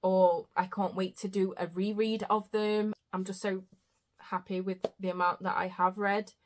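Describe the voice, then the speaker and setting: A young woman, talking at an ordinary middle pitch. She chats casually about her reading, often losing her thread and starting again. She laughs at her own stumbles. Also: level tone, normal speed, noisy background. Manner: chatty, trails off and restarts, self-mocking. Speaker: book vlogger. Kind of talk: casual chat.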